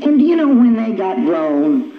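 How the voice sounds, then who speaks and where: An older woman telling her own story to an audience, animated and acting out the arguments she remembers. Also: a little high, normal speed, a crowd in the background. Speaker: speaker sharing her recovery story. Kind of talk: personal storytelling talk. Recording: echoey, dull, noisy old tape.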